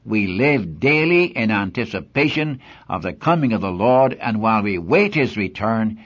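An older man delivering a Bible teaching sermon in a husky voice, his pitch rising and falling with lively emphasis. He preaches with earnest conviction, leaning on repeated key lines. The recording sounds dull and lo-fi, like an old broadcast. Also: moderate pace.

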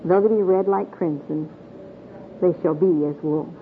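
A woman's voice: lowish voice, unhurried. Middle-aged lady from michigan doing bible class, folksy, asks the room stuff, phone-thin tape. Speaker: Bible teacher. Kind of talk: Bible teaching to a group. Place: meeting room with a group. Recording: tinny phone-like old tape with faint hiss.

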